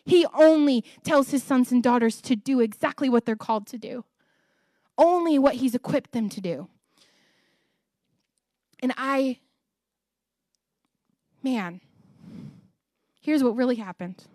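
A woman's voice: fairly high pitch, a little mellow, dry recording, studio quality. Earnest woman preaching her personal testimony. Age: adult, married ten years. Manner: emotional, earnest, repeats phrases for emphasis. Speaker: speaker sharing testimony.

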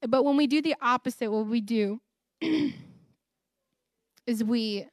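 A woman with a fairly high voice preaches from her own life story, earnest and emotional. She drives points home by repeating phrases. The sound is dry and close, with little room echo. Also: slow pace. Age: adult, married ten years. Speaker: speaker sharing testimony. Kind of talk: personal testimony preaching.

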